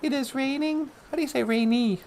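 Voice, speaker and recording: A woman's voice: sits high, fairly quick, a little mellow. A woman hosting a comedic talk show, easygoing and playful, taking her time. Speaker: host.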